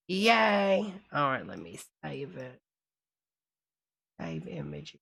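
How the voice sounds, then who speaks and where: A woman's voice: extremely low pitch, huge pitch swings, takes it slowly, vocal fry, fairly bright tone, breathy edge. A woman hosting a casual live stream, chatting with viewers and calling everyone honey.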